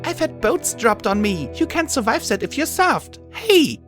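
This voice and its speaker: A man's voice: on the high side, sing-song, moderate pace, over music, voice pushed up. A man voicing a defensive, pouting female unicorn pony heroine. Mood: indignant.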